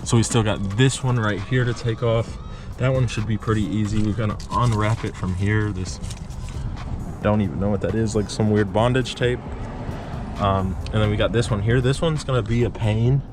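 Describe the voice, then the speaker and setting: A low-voiced man narrates a hands-on engine repair in a casual, rambling way, breaking off mid-thought and talking straight to the camera. He sounds out of breath as he works. His voice comes through an action camera in a work area, with music playing clearly behind him. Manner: rambling, self-interrupting, talks to the camera. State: out of breath, sick. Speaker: car repair vlogger. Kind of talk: casual how-to narration while working.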